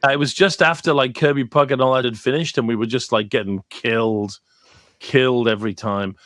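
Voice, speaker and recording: A man's voice: mid-range voice, fairly even intonation, a little fast, a bit bright, no echo, studio quality. A man in his fifties from the United Kingdom, a marketing professor guest talking casually, joking and swearing freely. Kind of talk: casual podcast interview.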